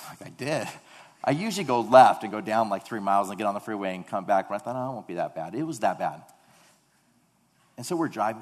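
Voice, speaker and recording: A man in his thirties preaching a sermon, earnest, rising to loud emphatic peaks and dropping to quiet storytelling. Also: on the low side, expressive, fast. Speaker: pastor. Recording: long reverb of a large hall.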